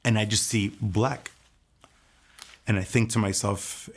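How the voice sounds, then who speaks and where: Young man, low gravelly voice, earnest halting testimony. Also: steady tone. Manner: earnest, halting, reliving events in present tense. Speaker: survivor giving testimony. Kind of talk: personal testimony, storytelling.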